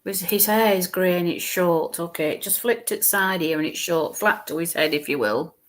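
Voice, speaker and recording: A woman giving a live mediumship reading, speaking in a halting way, repeating words as she describes what she sees, and sometimes dropping to a murmur. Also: lowish voice.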